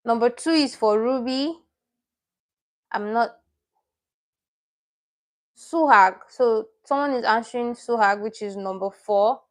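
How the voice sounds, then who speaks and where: A woman's voice: fairly high pitch, slow pace, pauses often. Chatty woman teaching a live class. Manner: chatty, repeats and corrects herself; reads out viewers' names and comments. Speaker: online Korean teacher. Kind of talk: live-stream lesson.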